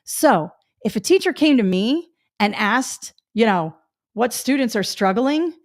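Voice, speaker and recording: A woman's voice: on the high side, animated, measured pace, no echo, studio quality. A middle-aged woman teaching a test-prep webinar in a chatty, emphatic way, repeating her key points. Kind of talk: webinar lecture.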